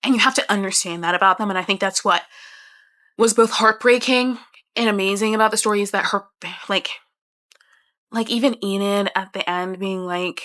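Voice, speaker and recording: A woman speaks to camera in a bright, crisp voice, at a middle pitch for a woman. She rambles with feeling, restarts her thoughts and drops the odd curse. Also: steady tone, normal speed. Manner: emotional, swearing, rambling with restarts. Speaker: book reviewer. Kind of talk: casual chat.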